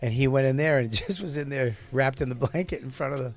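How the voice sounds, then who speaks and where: A man's voice: medium pitch, fast. A man co-hosting a podcast, teasing his partner playfully in casual chat. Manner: teasing, repeats questions playfully. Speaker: podcast co-host.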